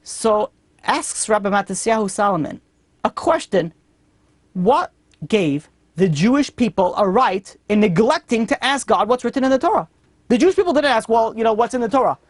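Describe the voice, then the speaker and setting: A man teaches a Torah lesson as a rabbi, telling stories and acting out their characters. His delivery is animated. The recording is dry, with little room sound. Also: sits high, moderate pace, no room sound.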